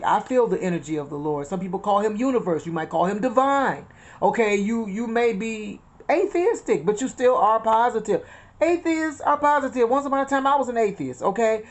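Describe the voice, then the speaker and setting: Gravelly woman giving chatty spiritual talk. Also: medium pitch. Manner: chatty, repeats phrases, quotes scripture and retells conversations. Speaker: inspirational channel host. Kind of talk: casual spiritual talk with storytelling.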